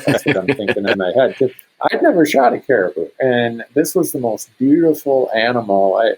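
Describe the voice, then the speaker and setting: A middle-aged man from Montana, a hunter guesting on a podcast, telling a story in an animated way and acting out what others said. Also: medium pitch, normal speed, husky, rough recording. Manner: animated, acts out quoted speech in a raised voice.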